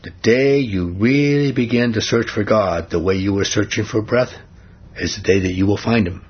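A calm old sage who lives up on a mountain, voiced by a man telling the story. The voice is husky and low-pitched, and the recording sounds dull and muffled. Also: moderate pace.

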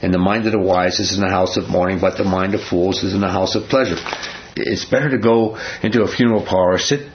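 A man's voice: low-pitched, fairly even intonation, quick pace, dull audio, a little hiss or hum. A man preaching a sermon in a conversational, rambling way, often restarting his sentences.

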